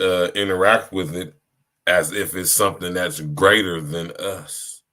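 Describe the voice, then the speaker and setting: Deep-voiced man preaching on a podcast. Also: a bit bright. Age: 30s. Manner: preachy, repeats "you hear me" and "man". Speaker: podcast host. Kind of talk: casual live-stream monologue.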